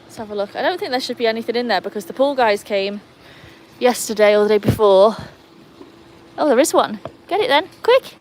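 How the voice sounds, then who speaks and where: Her voice is a little high and expressive, moving a bit fast, with slight background noise. She's a livestream host relaxing in her garden, talking to viewers as she dotes on her dogs.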